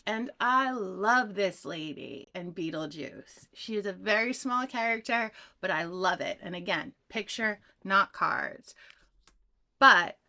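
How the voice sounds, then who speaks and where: A woman doing a pick-a-card tarot reading, talking casually and telling a story from her own life. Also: mid-range voice. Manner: chatty, animated, tells personal stories. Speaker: tarot reader.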